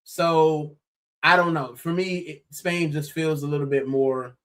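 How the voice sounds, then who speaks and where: This podcast co-host is a young man from the United States whose voice is a little high, with a measured pace and clean tone. Chatting casually about football, he stays animated, exclaims, and keeps saying bro.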